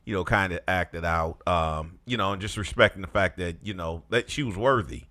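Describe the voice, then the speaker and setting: A man's voice: sits low, moderate pace, pushed and bright. A man co-hosting a casual podcast, rambling through his thoughts with many "you know"s and "um"s. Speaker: podcast co-host. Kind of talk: casual movie review chat.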